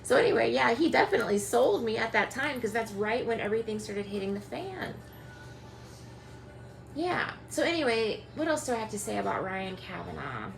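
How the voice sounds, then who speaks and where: A woman's voice: on the high side, big pitch swings, normal speed, creaky, soft background music, rough recording. Angry, profane woman ranting on a livestream. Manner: angry, profane, mocking, addresses people directly. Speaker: tarot reader hosting a livestream. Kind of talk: livestream rant to viewers.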